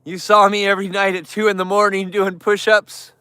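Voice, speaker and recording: A man's voice: high voice, flat delivery, fairly quick, sharp tone, smooth, no room sound. A man livestreaming from among bears, chatting with his viewers in an emotional way and greeting them and the animals by name. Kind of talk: casual livestream chat to viewers.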